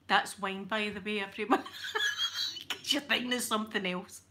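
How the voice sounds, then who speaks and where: Ironing on her livestream, a middle-aged Scottish ASMR host talks casually, full of stories and frequent laughter. She speaks in a mid-range voice with fairly even intonation and a measured pace, and her tone is sharp.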